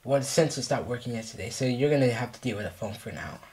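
A man's voice: mid-range voice, expressive, quick pace, darkish tone. Profane, taunting male vlogger. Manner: profane, mock-threatening, repeats taunts. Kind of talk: comedic scolding skit.

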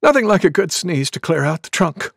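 A man doing a polite, gravelly elephant. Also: fairly high pitch, very animated, a little fast, no echo, studio quality, voice pushed up, exaggerated voice. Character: big polite male elephant with a cold.

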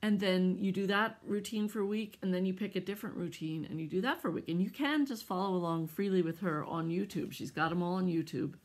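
A middle-aged American woman chatting casually to camera about her stitching, husky and congested from allergies, laughing often between asides. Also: mid-range voice. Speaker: cross-stitch vlogger. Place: at home, indoors.

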